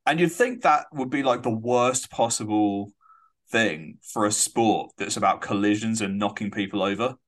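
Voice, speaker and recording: A man's voice: fairly low pitch, moderate pace. A man, co-hosting a casual sports podcast, chatty and swearing. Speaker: podcast co-host.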